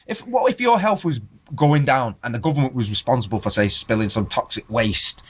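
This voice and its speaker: Animated and brisk, this medium-pitched male vlogger launches into a passionate rant, lecturing his audience and peppering them with rhetorical questions.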